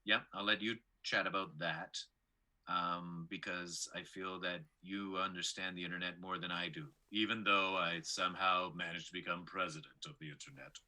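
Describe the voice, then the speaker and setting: A middle-aged man talks in a dry, self-mocking deadpan, with plenty of hesitant fillers. His voice sits a little low yet sounds strikingly bright and forceful. He is a stand-up comedian trading banter as a guest on a chat show. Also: moderate pace.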